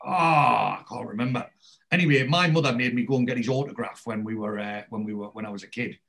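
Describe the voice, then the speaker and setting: A man's voice: mid-range voice, quick pace, creaky, a bit bright. A man recapping a TV episode in casual chat. He rambles as he tells the story and keeps restarting his sentences.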